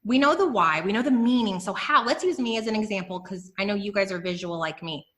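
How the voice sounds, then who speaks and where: A woman hosting a business podcast, giving energetic, emphatic motivational talk straight to her listeners. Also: medium pitch, quick pace. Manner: energetic, emphatic, addresses listeners as "you guys". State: emotional, near tears. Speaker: podcast host and business coach.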